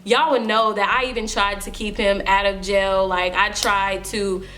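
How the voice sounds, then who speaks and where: A woman's voice: medium pitch, level tone, a little slow, bright, forceful tone. A young woman telling a personal story to her viewers in a casual, emphatic storytime vlog. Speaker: vlogger.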